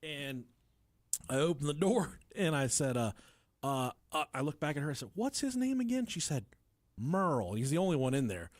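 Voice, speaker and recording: A young man telling a story on a podcast, profane and animated, laughing through it. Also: mid-range voice, normal speed, no echo, clean studio sound. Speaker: podcast co-host.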